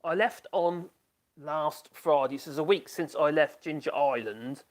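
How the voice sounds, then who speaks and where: A man's voice: a little high, measured pace. A middle-aged man, chatting casually on a live stream in a rambling way, trailing off and restarting his sentences.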